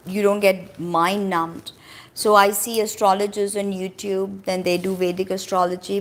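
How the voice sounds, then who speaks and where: A woman's voice: medium pitch, a bit bright. Emphatic woman teaching in casual talk. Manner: emphatic, conversational, stretches key words for stress. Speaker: spiritual teacher.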